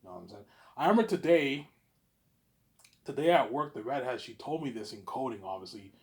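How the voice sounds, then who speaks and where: A man's voice: medium pitch, lively intonation, a little fast. Man vlogger, unscripted boastful ramble, repeats himself, volume jumps around. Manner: repetitive, boastful, keeps saying obviously; swings between loud bursts and mumbling. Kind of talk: rambling monologue.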